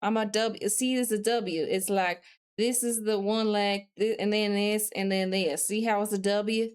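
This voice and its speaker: A woman's voice: medium pitch, steady tone, a little slow, clean tone. A woman streamer chatting casually on a live stream, reading chat messages aloud, answering them, and thinking aloud while she studies.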